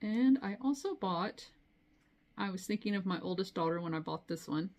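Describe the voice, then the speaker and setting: Middle-aged woman, cross-stitch vlogger, casual and rambling, average pitch. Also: expressive, moderate pace, a little mellow. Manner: chatty, rambling, with frequent asides. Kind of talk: casual chat.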